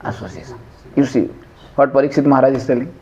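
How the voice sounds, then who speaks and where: A man's voice: medium pitch, quick pace, a little mellow. Man, scripture lecturer, quizzes his listeners, chants verses, muffled lo-fi sound. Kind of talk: devotional class.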